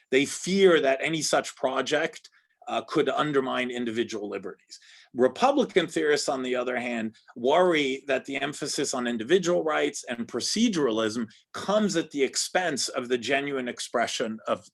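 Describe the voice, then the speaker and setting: A man's voice: mid-range voice, fairly bright tone. A man with an American accent giving an academic lecture over a video call, thoughtful, often restarting and checking in with "right?". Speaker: guest lecturer.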